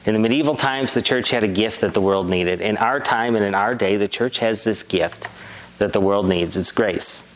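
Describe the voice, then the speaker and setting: A man delivering a sermon as a priest, earnest and measured, repeating key lines for emphasis. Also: on the low side, rough recording. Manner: earnest, measured preaching with rhetorical repetition.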